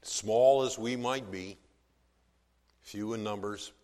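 A man preaching a sermon as pastor, swelling from soft to loud for emphasis, with some stammered restarts. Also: on the low side, slow pace, long reverb tail.

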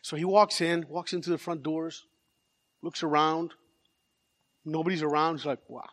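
A man's voice: fairly high pitch, level tone, moderate pace, fairly bright tone, big-room sound. A man preaching a sermon as pastor, telling a story with animation, repeating words and joking with the congregation. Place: large church.

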